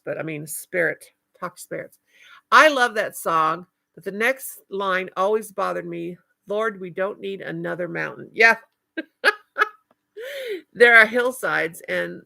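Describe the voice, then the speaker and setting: A woman's voice: on the low side, expressive, unhurried, vocal fry, pushed and bright. An older woman hosting a live stream, chatting casually and affectionately with viewers in a rambling way, with a cackling laugh.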